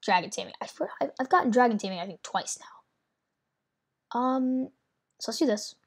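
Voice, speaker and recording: A woman casually commenting on her own card game as she plays, thinking out loud and teasing her opponent. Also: on the high side, moderate pace. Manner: chatty, thinks aloud, playful trash talk. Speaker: gameplay commentator. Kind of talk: casual let's-play commentary.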